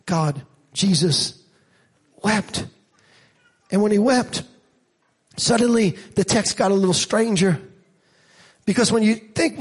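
A man preaching a sermon as a church pastor, moving from quiet reflection to shouted, rising passages. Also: high voice, slow pace, pauses often, slightly rough.

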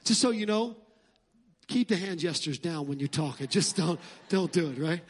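A middle-aged man preaching a sermon as pastor, animated and joking, shouting at times. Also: on the high side, normal speed, husky.

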